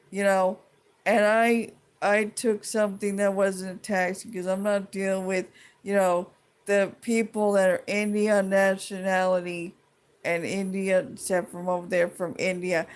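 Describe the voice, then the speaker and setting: A woman's voice: medium pitch, flat delivery, unhurried, clean tone. Woman venting on her vlog, swearing a lot, restarting sentences, all over the place. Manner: heated, profane, rambling with many restarts. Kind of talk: casual rant to camera.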